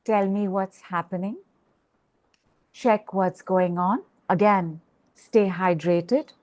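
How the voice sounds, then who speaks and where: A woman coaching a group call, guiding a slow exercise and repeating affirmations. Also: mid-range voice, a little mellow. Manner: slow, repetitive, instructive.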